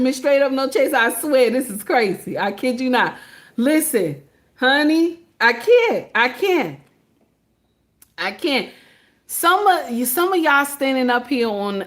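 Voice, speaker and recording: A woman vlogger giving casual commentary, chatty and repetitive, often breaking into laughter. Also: high voice.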